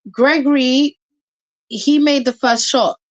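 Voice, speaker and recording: A woman's voice: high-pitched, fairly even intonation, takes it slowly, dry recording, dull audio. Woman on a panel chat, explains things patiently, dry close sound. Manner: explains patiently, backs up the host. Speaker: panel member. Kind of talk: casual discussion.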